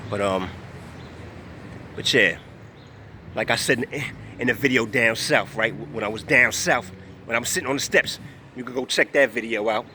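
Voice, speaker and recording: A man's voice: medium pitch, normal speed, long pauses, bright, forceful tone, slight background noise. A man ranting casually to the camera, emphatic and repetitive, looping back to the same points. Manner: emphatic, repetitive, keeps saying "you know what I'm saying". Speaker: vlogger.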